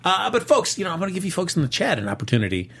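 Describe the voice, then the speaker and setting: A man's voice: high-pitched, very animated, rapid-fire, a bit bright, breathy edge. A man hosting a casual live-streamed movie podcast, chatty, with many fillers and restarts. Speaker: podcast host.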